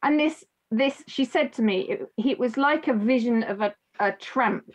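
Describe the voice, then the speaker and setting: A woman hosting a podcast, telling a story in a halting way with many restarts. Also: fairly high pitch. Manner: halting, many restarts, moved close to tears. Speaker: podcast host. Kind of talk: emotional storytelling in conversation.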